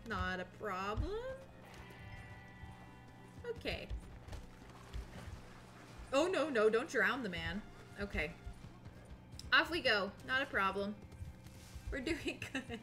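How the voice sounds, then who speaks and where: A woman streamer gives excitable, foul-mouthed play-by-play of her own game, laughing often and panicking out loud. Her voice is bright and lively, swooping up and down, and faint game music plays behind her. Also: mid-range voice. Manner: excitable, swears a lot, narrates her own moves. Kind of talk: casual live gameplay commentary.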